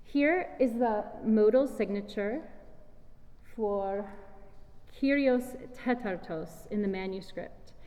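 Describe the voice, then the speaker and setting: A woman explains her approach to the music in a measured, scripted lecture, her voice mellow and dark. She speaks in a large hall whose long reverb trails after every phrase. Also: mid-range voice. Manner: measured, explanatory, sings short chant fragments. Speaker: singer and presenter. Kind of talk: scripted lecture-recital talk.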